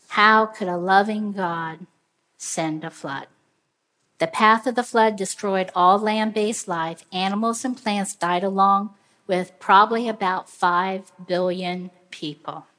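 A woman preaching a sermon, speaking in an earnest, measured storytelling way. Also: medium pitch, a bit bright.

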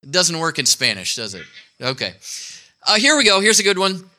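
Male pastor, slightly high, very bright voice; relaxed joking outdoor sermon, lots of ums and restarts. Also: fairly quick. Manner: loose, joking, full of fillers and restarts. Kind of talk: casual sermon to a congregation. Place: outdoor church service.

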